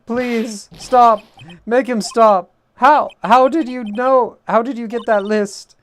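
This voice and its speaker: A man putting on a shrill panicking crooked tycoon. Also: steady tone, slow, fairly bright tone, heavily acted. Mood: panicked. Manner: shrill, frantic shrieking. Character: panicking crooked rich businessman, pompous man.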